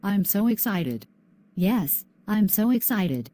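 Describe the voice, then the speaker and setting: A soft, earnest young schoolgirl, voiced by a female student in a school video. Her voice is mellow and warm at a middle pitch, gentle throughout. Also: big pitch swings, slow pace. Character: young bullied albino schoolgirl, sad and gentle.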